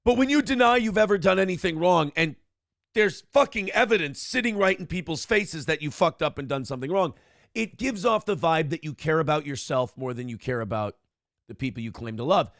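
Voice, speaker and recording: Morning show host, male, profane and self-deprecating, slightly high gravelly voice. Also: lively intonation, fairly quick, a bit bright, dry recording, studio quality. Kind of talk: casual podcast rant and chat. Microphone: headphones and clamp-mounted desk microphone.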